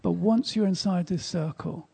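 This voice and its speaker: Raspy, gravelly-voiced man preaching. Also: high voice, moderate pace. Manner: emphatic, storytelling, drops to a whisper in quiet moments. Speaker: speaker at a church service. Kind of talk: sermon with storytelling.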